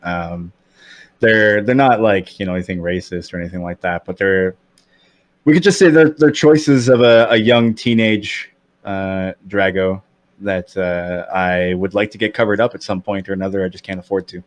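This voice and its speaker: A man's voice: low voice, fairly even intonation, moderate pace, dry recording. A man in his thirties with a slight lisp, chatting candidly as a podcast guest, with many fillers and restarts. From Canada. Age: 30s. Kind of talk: casual chat.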